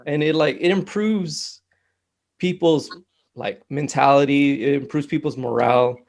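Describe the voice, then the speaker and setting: Male guest, slightly higher pitch, gravelly, easygoing chat with lots of "you know"s. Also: unhurried. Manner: relaxed, conversational, many fillers. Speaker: mental health technician guest. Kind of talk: casual conversation.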